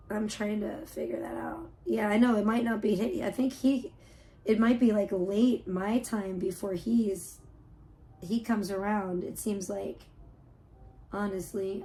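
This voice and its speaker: A woman's voice: mid-range voice, darkish tone, low-quality recording. A woman live streamer at home, chatting casually with her viewers in a rambling way, full of fillers and restarts.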